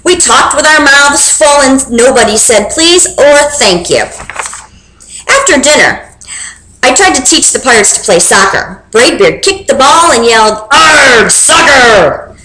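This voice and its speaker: A young woman reading a children's book aloud with expressive, animated storytelling. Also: high-pitched, unhurried, slight background noise. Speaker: reader. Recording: roomy echo.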